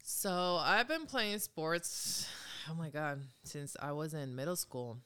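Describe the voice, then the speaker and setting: A woman from Rico, chatting as a podcast guest in a lively, code-switching way. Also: sits low, slow pace, clear, resonant tone. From Puerto Rico. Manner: chatty, code-switching, animated when telling stories. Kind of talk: casual podcast interview.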